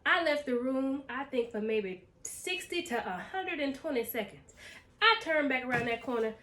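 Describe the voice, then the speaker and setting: A woman's voice: sits high, animated, normal speed, pushed and bright, roomy sound. A woman playing a brash, blunt mourner who tells sassy stories about a dog she never liked. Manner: sassy, drawling, blunt storyteller.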